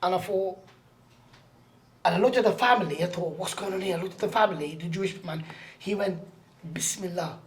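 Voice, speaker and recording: A man's voice: high voice, brisk, pauses often. A man, a podcast guest telling a personal story in a blunt, streetwise way, acting out the voices of the people in it. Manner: animated, acts out voices in anecdotes. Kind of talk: casual storytelling.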